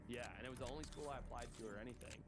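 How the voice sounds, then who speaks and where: A man's voice: medium pitch, racing, very noisy. A man from Zimbabwe, a podcast guest telling a rambling story in a casual way, swearing freely and using lots of fillers. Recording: loud music under the voice.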